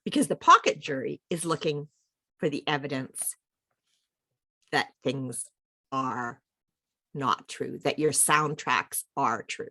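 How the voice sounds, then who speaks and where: A woman leading a group book discussion, explaining slowly and with emphasis. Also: extremely low pitch, pushed and bright, dry recording. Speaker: discussion leader.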